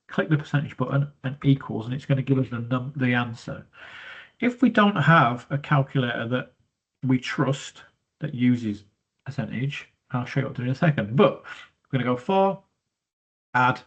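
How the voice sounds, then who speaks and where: A husky, slightly breathy man walks through a maths exam question in a chatty, step-by-step way, thinking aloud as he goes. He sounds stuffy from hay fever and breathes through his mouth. The recording is dull and lo-fi. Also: medium pitch. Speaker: maths teacher. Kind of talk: explaining a worked exam question.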